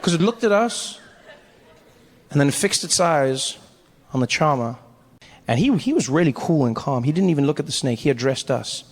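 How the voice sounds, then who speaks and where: A man in his forties telling a stand-up story, animated and self-mocking, acting out the scenes. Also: on the high side, moderate pace, long pauses. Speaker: stand-up comedian.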